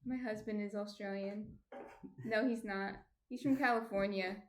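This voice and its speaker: A woman's voice: mid-range voice, fairly even intonation, moderate pace. A woman hosting a casual cooking livestream from her home kitchen, chatty and light-hearted. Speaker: cooking streamer host.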